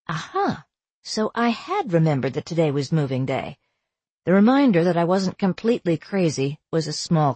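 A woman narrating a first-person novel as an audiobook, in a measured, wry storytelling manner. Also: deep voice, darkish tone, slightly rough, no room sound.

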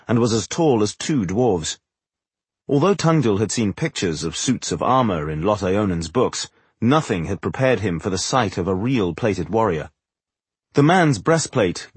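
A man reading fantasy narration for an audiobook in a measured, dramatic way. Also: on the low side, breathy edge, no room sound.

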